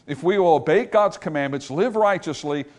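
A man preaching a sermon as pastor, moving from steady Bible teaching to loud, emphatic repetition with questions to the congregation. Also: fairly high pitch, moderate pace.

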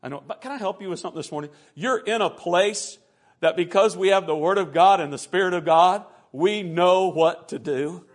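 An impassioned man preaches, his voice pitched high for a man. He reads scripture aloud and then speaks straight to the congregation. He swings from a near hush to a full, loud delivery. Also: moderate pace. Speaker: pastor. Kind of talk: sermon.

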